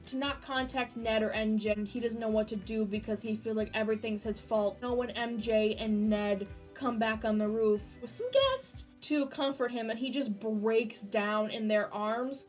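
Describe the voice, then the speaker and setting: Excitable female reviewer, high voice, profane and loud, light music bed. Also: recorded from a distance. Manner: gushing, excitable, swears freely, bursts into near-screaming. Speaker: movie reviewer.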